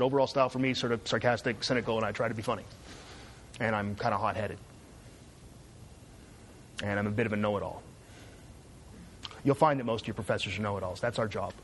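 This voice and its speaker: A man's voice: medium pitch, a little hiss or hum. A middle-aged man giving a university lecture, sarcastic and full of joking asides. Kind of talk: classroom lecture.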